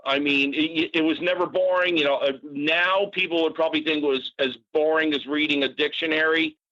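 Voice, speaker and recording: A man in his sixties from Massachusetts, a podcast guest telling stories in an animated, casual way with swearing and fillers. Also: on the high side, brisk, no echo. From Natick, Massachusetts. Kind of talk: casual storytelling. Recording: dull dry podcast audio.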